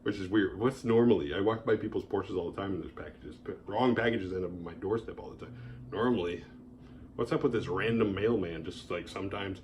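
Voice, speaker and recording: A man ranting casually about his day as the host of a horror movie review show, sarcastic and animated, swearing freely and mocking people in exaggerated voices. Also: deep voice, a little fast, a little hiss or hum.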